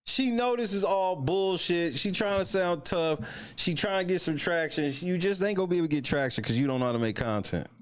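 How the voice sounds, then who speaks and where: Male reaction host, incredulous and mocking, lively high voice. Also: a little fast, smooth. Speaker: commentary show host. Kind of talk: live reaction commentary.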